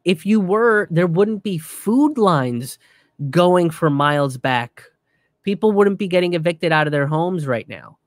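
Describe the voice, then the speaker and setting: A young man in a comedian's heated political rant, swearing freely and tripping over restarts. His voice sits a bit high for a man. The recording is dry and close, with no room sound. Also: lively intonation, unhurried, no room sound. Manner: profane, heated, restarts often. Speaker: comedian commentator. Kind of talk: ranting political commentary.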